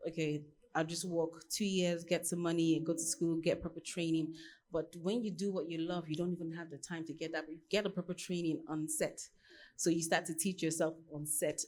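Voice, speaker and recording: A woman from Nigeria in her thirties, a costume designer answering on a panel as an animated, laughing storyteller. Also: sits low.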